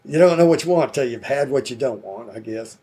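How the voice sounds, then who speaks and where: A man's voice: mid-range voice, a little fast, mellow, breathy edge. A man telling rambling, laid-back stories in casual chat, swearing easily.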